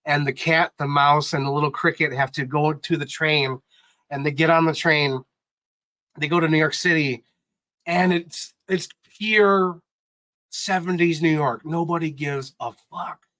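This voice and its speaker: A man chatting casually on a live stream, excitedly recapping movies in a rambling, sentimental way. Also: on the high side, a little slow, dry recording, poor audio. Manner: sentimental, gets choked up.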